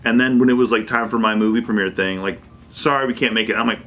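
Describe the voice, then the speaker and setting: A man's voice: fairly low pitch, steady tone, fast, a bit bright, a little hiss or hum. A man telling a rambling personal story in a casual comedic chat, full of filler words. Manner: rambling, many "like" fillers, joking. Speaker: podcast co-host.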